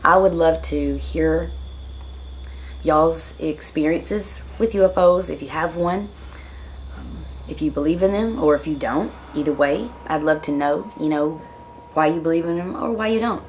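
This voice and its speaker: A woman's voice: low voice, unhurried, darkish tone, slight background noise. A woman telling a personal story to camera in a chatty, hesitant way, with many fillers and restarts. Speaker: vlogger.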